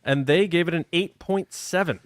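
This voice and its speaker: A man's voice: on the high side, moderate pace, no room sound. A man hosting a fan aftershow, reading listener comments and running a trivia segment in a casual, upbeat way. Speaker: podcast host.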